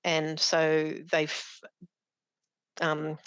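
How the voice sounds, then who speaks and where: A middle-aged woman, a charity founder and podcast guest, speaking in a halting way, with many restarts and fillers. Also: sits low, completely flat delivery, fairly bright tone, clear, resonant tone, dry recording, highs cut off. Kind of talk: conversational podcast interview.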